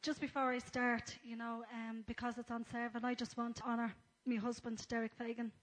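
Woman, church speaker, gentle and flat-toned. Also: on the high side, a little fast, low-quality recording. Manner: earnest and gentle, with frequent fillers. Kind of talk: sermon talk.

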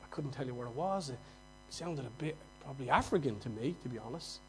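A man with a Dublin accent preaching a sermon, moving from quiet, conversational asides to loud, mocking outbursts. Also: mid-range voice, expressive, quick pace, soft background music, low-quality recording. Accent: Dublin Irish. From Dublin, Ireland.

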